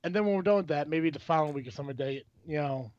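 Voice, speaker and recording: A man hosting a podcast, his voice a little higher than most, recorded dry and dull. He rambles, jokes and swears freely in casual chat with his guests. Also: quick pace, a little mellow, no room sound. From Illinois. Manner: rambling, profane, joking. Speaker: podcast host.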